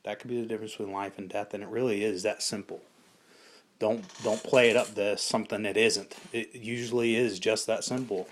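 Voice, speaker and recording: Relaxed man explaining survival gear. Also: lowish voice, a little fast. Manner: relaxed, conversational, with frequent fillers and restarts. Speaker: survival instructor. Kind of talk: casual instructional talk.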